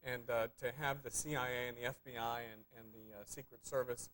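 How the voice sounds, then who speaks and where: Dry-humored man co-hosting a live TV film show, middle voice, halting with lots of ums. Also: mid-range voice, fairly even intonation, fairly bright tone, slight background noise, poor audio. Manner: dry, teasing, hesitant with many fillers. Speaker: co-host of a film review show. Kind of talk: casual live TV chat.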